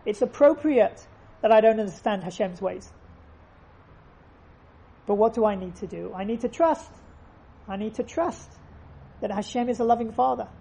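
Woman, higher voice, mellow, husky, earnest religious teacher, repeats key phrases. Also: lively intonation, normal speed, pauses often. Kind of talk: faith lesson with storytelling.

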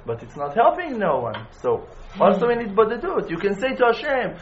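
A man giving an informal spiritual lesson in an animated way, repeating phrases for emphasis and restarting words mid-phrase. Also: high-pitched, normal speed, few pauses, highs cut off, a little hiss or hum. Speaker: religious teacher.

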